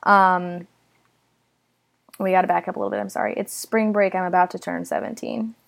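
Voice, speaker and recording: A woman's voice: on the low side, steady tone, normal speed, vocal fry. A young woman from the United States chatting casually through a personal story, self-deprecating and full of dramatic asides.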